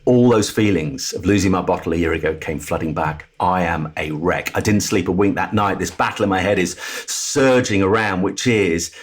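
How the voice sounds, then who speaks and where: A man's voice: low voice, moderate pace, few pauses, husky. A middle-aged Englishman, a TV presenter and podcast guest, telling his personal story with candour and acting out the voices of others. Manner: animated storyteller who acts out the voices of others.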